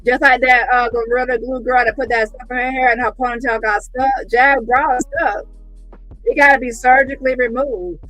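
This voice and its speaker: Sarcastic, animated woman commentator. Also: fairly high pitch, moderate pace, faint music behind, low-quality recording. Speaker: online commentator. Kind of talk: casual commentary.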